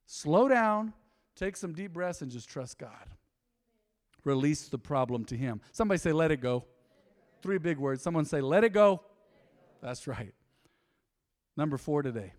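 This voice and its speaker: A man pastor preaching a lively, joking sermon in a church. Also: on the high side, moderate pace. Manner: animated, joking, folksy. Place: church sanctuary. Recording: long hall reverb.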